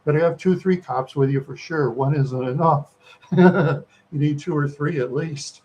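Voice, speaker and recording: A man's voice: on the high side, measured pace, a little mellow, slight background noise. Brief: man from Minnesota, rambling live-stream host, frequent chuckles, slightly lo-fi recording. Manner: chuckles often, repeats words, rambling.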